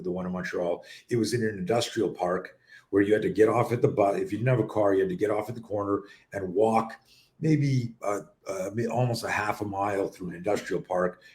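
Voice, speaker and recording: Middle-aged canadian guy coaching self-defense, rambly swearing stories, lowish voice, roomy echo. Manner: animated, swearing, rambling storyteller. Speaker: host of a live talk show, self-defense coach. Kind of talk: casual live-stream storytelling. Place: home office.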